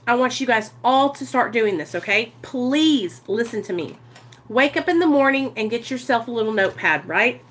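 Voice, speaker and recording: A woman talking casually and earnestly to her viewers in a recovery vlog, animated and direct. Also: on the high side, normal speed. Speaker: recovery vlogger. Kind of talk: casual livestream-style talk to viewers.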